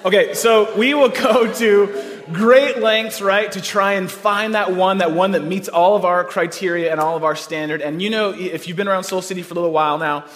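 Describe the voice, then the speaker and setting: Man, pastor, casual jokey sermon, slightly high voice, big reverberant hall. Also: steady tone, a bit bright. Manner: joking, conversational, quick asides to the crowd. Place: church hall.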